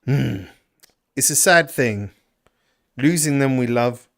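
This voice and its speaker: A man reading out the journal of a weary, grieving frontier man in a folksy, rough put-on rural voice. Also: mid-range voice, lively intonation, slow pace. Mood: melancholy.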